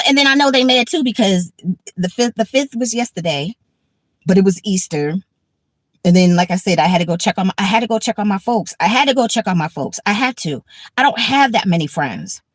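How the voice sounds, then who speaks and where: A woman's voice: medium pitch, no room sound. Woman, fifties, tired, profane, repetitive, dry sound. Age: 50s. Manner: blunt, profane, repeats herself. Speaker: livestream host. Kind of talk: casual livestream chat.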